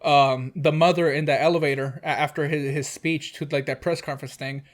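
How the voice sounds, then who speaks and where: Hesitant young man, slightly high voice. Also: fairly even intonation, fairly quick. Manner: hesitant, lots of fillers and restarts. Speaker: movie reviewer co-host. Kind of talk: casual movie review chat.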